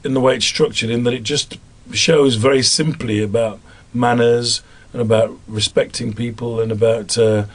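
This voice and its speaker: In an interview, a male voice actor from the English Midlands talks about his work in a Black Country accent, chatty and often amused at himself. His medium-pitched voice holds a steady tone, moving at normal speed with few pauses.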